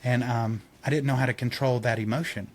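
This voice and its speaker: Male podcast host, casual and animated, voices others in his stories, mid-range pitch. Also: a little fast. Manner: animated storyteller, acts out quotes, laughs often. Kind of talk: casual chat.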